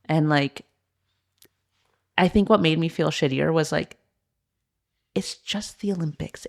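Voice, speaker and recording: Low-voiced woman telling her story candidly. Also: unhurried, vocal fry, pauses often. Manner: earnest, heavy use of "like" fillers. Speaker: podcast guest, former elite swimmer and coach.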